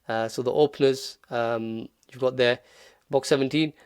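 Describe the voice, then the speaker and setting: A man teaching Quranic pronunciation in a relaxed tutorial, patiently repeating sounds slowly. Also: mid-range voice, smooth, no room sound, clean studio sound. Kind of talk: relaxed tutorial, modelling Arabic phrases slowly.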